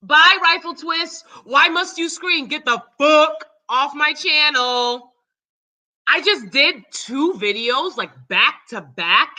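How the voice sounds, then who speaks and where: Loud, fiery woman ranting, bright-toned. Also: sits high, animated, slow, rough recording. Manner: loud, profane, heated. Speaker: channel host. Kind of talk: casual live-stream rant.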